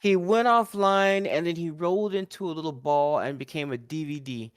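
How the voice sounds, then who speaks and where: A man co-hosting a podcast, telling a wrestling recap in casual chat. He is animated, laughs often and acts out the wrestlers' lines. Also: a little high, fairly quick, no room sound, clean studio sound. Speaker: podcast co-host.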